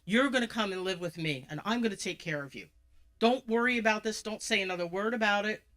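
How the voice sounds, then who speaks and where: A speaker telling a story at a live charity event, voicing a protective older brother who reassures his sister in a firm, loud voice. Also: mid-range voice, fast, lightly acted. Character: protective older brother, angry and caring young man.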